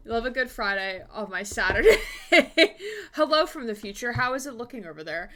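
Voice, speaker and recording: A woman's voice: a little high, expressive, normal speed, a bit bright, faint music behind. A young woman streaming live, chatting with viewers in a bubbly, giggly way at a desk microphone. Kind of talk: casual live-stream chat.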